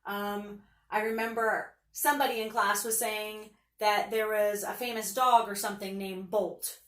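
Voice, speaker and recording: A woman's voice: mid-range voice, level tone, measured pace, reverberant, recorded from a distance. A woman teacher giving a patient phonics lesson, sounding out letters and words for young students.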